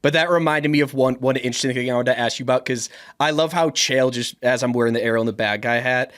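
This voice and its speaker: A man co-hosting a podcast who asks questions in a halting way, restarting his words. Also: mid-range voice, a bit bright. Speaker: podcast co-host. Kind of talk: casual interview questions.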